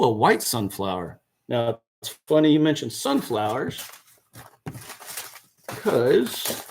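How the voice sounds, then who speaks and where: A man's voice: medium pitch, a little hiss or hum. A man chatting casually on a gardening live stream, answering viewer questions and correcting himself as he goes. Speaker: gardening channel host. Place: indoors by a seed box.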